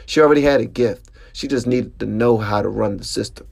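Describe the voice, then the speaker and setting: A man hosting his own podcast, telling a story in a casual monologue, animated and jumping up in pitch when he gets worked up. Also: brisk, vocal fry, husky. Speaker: podcast host.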